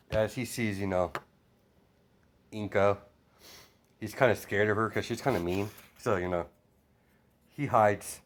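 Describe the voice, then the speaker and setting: A man casually improvising a fan story aloud, rambling with many fillers. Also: lowish voice.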